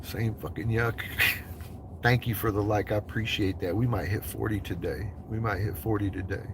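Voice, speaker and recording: A man's voice: fairly low pitch, steady tone, moderate pace, noisy background. Man doing a loose, profane livestream chat. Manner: loose, profane, joking banter. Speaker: livestreamer chatting with viewers.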